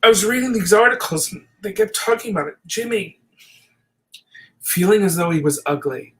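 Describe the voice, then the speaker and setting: A man's voice: high voice, lively intonation, normal speed, rough recording. Impassioned, tearful man ranting late at night. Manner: impassioned, profane, tearful at times. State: teary. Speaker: video essayist.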